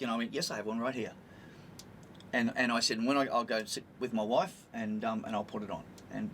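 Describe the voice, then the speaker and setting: A man's voice: medium pitch, brisk, fairly bright tone, slight background noise. An older man with an Australian accent, co-hosting a casual chat and telling a rambling, exasperated story. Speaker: podcast co-host.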